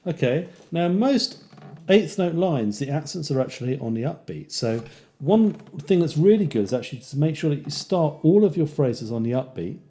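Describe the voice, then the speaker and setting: A man's voice: fairly high pitch, lively intonation, moderate pace, mellow. British man teaching jazz guitar. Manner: counts beats aloud and scats rhythms while demonstrating. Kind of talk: casual music lesson. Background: guitar playing between phrases.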